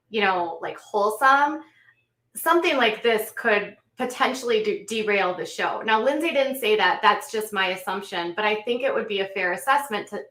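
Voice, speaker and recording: A woman host recapping a story and adding her own commentary, in a measured way with frequent ums and self-corrections. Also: mid-range voice, pushed and bright. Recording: echoey room, voice a bit off the mic.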